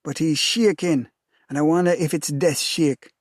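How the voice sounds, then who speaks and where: A man's voice: fairly high pitch, fairly even intonation, normal speed, no room sound, studio quality. A man with a Jamaican accent giving an intense, rhythmic first-person dramatic reading.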